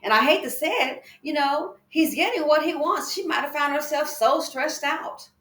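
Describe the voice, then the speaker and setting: A woman's voice: sits high, moderate pace, a bit bright. Indignant woman commentator, echoey. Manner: emphatic, indignant, rhetorical questions. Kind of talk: reaction commentary. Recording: echoey room.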